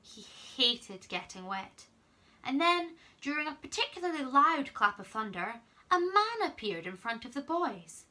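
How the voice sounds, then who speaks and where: A young woman camp counselor reading a children's storybook aloud, gently and expressively. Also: high-pitched, big pitch swings, a little slow.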